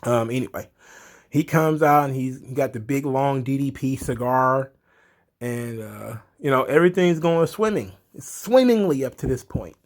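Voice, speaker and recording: A man giving a casual recap of a wrestling show, excitable, chuckling, swearing freely. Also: mid-range voice, moderate pace.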